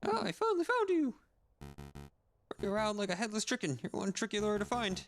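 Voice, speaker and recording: Taunting bird assassin voiced by a man, quick, sneering, bright. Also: sits high, wildly swooping pitch, faint music behind, voice pushed up, exaggerated voice. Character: mocking male bird assassin.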